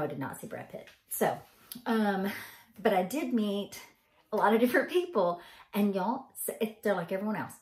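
A tired woman vlogger from Arkansas, with a Southern accent, tells a rambling story in a casual, chatty way full of "ums." Her voice is mid-range with a darkish tone, and the room sounds echoey.

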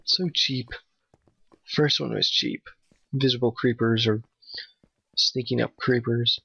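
Nervy gamer dude, kinda gravelly, hyped up, cheering on his dog, muffled dry mic. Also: mid-range voice, slow pace, no echo. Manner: excitable, nervous, talks to his dog. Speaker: gamer playing a Minecraft map. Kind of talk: let's play commentary. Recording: dull, dry home mic.

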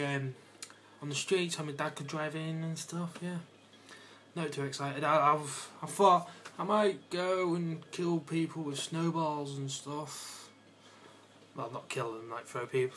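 A teenage English boy rambles through his vlog from his bedroom, offhand and goofy. His voice sits a little high and bright, with a faint hiss under it. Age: teens. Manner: rambling, offhand and goofy, slipping into silly accents. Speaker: vlogger. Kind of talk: casual vlog chat. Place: bedroom at home.

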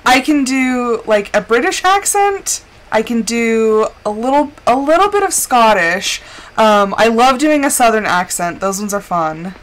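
A woman's voice: fairly high pitch, expressive, unhurried. A woman streamer chatting casually while playing a game, rambling with lots of filler words. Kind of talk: casual gameplay chat.

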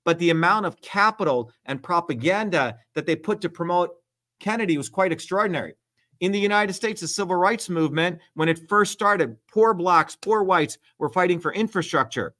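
A man's voice: high-pitched, animated, moderate pace, a bit bright. Blunt, profane man host. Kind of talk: heated livestream talk.

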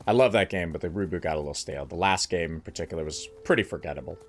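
A man's voice: sits low, rapid-fire, soft background music. A man giving casual, playful commentary while playing a video game, joking and talking to the characters. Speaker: let's play gamer.

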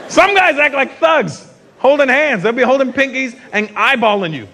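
Animated male stand-up comedian. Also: very high voice, normal speed. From North America. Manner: animated, profane storytelling. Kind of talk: stand-up routine. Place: comedy stage before a live audience. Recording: live show with loud crowd and noise.

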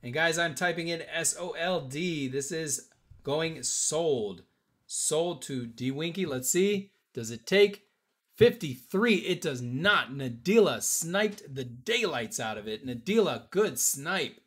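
A man's voice: on the high side, lively intonation, slow pace, fairly bright tone. A man hosting a live-stream auction, joking with bidders and counting down bids. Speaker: auction host.

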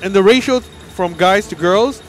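A man's voice: high-pitched, normal speed, slight background noise. A young man chatting casually as a commentator at a gaming tournament, enthusiastic and easygoing. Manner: enthusiastic, easygoing, traveler's anecdotes.

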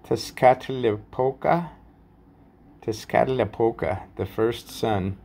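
Man, low gravelly voice, slow unhurried delivery, rambling with lots of fillers, casual vlog. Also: a little mellow. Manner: rambling, halting, many fillers. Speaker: coin collecting vlogger. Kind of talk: casual show-and-tell vlog.

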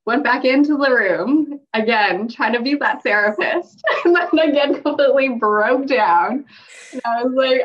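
A woman's voice: a little high, moderate pace. A young woman, a mental health clinician, telling her story as a podcast guest in a chatty way, with many fillers and frequent laughs. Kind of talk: casual podcast conversation. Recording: dull, distant remote-call audio.

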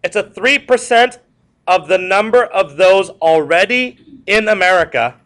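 Male history teacher, classroom lecture, high voice, lively swooping delivery, repeats points, jokey asides. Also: a little slow. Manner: repetitive, animated, joking asides to students.

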